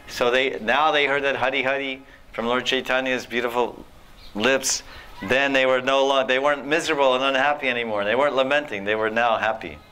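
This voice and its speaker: Animated male storytelling preacher. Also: medium pitch, a little hiss or hum. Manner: animated, acts out characters, laughs often. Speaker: spiritual teacher. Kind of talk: storytelling sermon.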